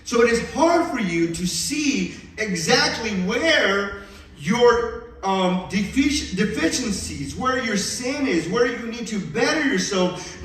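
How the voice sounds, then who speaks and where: A pastor preaching an earnest, emphatic sermon, with a slight mumble and loose enunciation. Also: male voice, very high-pitched, fairly bright tone. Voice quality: mumbles, does not enunciate crisply. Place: church sanctuary. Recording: very echoey hall, distant mic.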